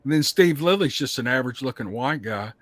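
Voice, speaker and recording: A man's voice: mid-range voice, lively intonation, a little fast, fairly bright tone, no echo. A man chatting bluntly as a podcast guest, laughing often. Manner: blunt, laughing, plain-spoken. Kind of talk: casual podcast chat.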